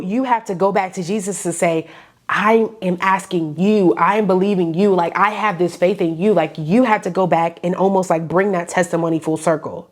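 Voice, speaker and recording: Her voice lowish and a little mellow, this faith-based coach leads a Bible study with emotional fervor, sometimes in tears. She addresses her listeners as y'all and says lines again for emphasis.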